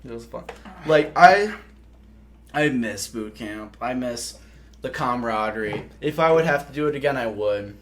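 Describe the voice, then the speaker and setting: A young man co-hosting a podcast, telling animated, profanity-laced stories in casual chat. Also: mid-range voice, normal speed, slight background noise. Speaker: podcast co-host.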